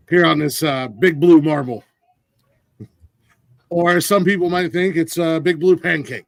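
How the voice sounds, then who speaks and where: A man hosting a casual comedy news podcast, relaxed and joking, rambling with fillers. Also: fairly high pitch, slow pace, gravelly, dry recording, poor audio. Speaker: podcast host.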